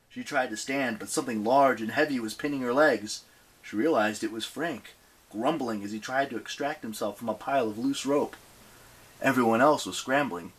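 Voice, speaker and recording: A man narrating an audiobook with expressive storytelling. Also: medium pitch, husky. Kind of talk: scripted narration.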